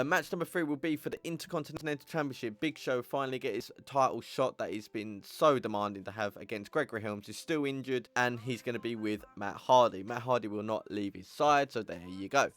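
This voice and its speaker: A man hosting a gaming channel, chatting through game results in a playful put-on accent and exclaiming at surprises while calling viewers ladies and gentlemen. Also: mid-range voice, no room sound. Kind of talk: casual gameplay commentary.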